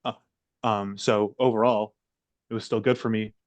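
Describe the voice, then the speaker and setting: A man who is a finalist, calmly answering a juror's question with explanations and occasional restarts. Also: fairly low pitch, moderate pace, dry recording, lo-fi sound. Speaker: game finalist. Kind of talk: casual online call.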